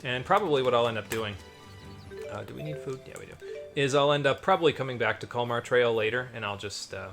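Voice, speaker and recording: A man's voice: mid-range voice, quick pace. A man hosting a gameplay stream, casually explaining game mechanics with lots of fillers and asides. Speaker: streamer and host. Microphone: desk microphone, turns away to read chat. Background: game music.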